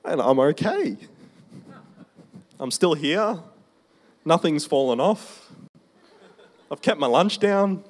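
A man preaching a testimony sermon in a conversational storytelling way, slowing down for emphasis. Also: a little high, animated. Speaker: preacher sharing his testimony.

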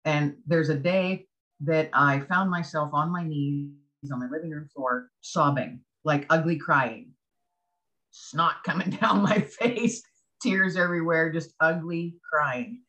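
A woman's voice: deep voice, slow, fairly bright tone, dull audio. A woman as an interview guest, telling her personal faith testimony earnestly and acting out her own past thoughts as she goes.

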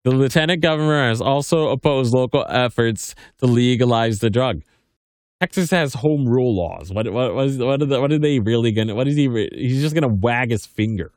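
A man's voice: medium pitch, fairly quick, darkish tone, dry recording, studio quality. A man in his thirties hosting a podcast, reading news aloud and breaking off into casual commentary full of restarts and "like". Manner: rambling, stammering restarts, heavy use of "like". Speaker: podcast host.

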